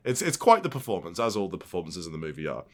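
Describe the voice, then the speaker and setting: A man with a fairly low voice co-hosts a film podcast. He recaps a plot in a loose, rambling way and swears freely in casual chat. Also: very animated, rapid-fire, a little mellow. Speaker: podcast co-host.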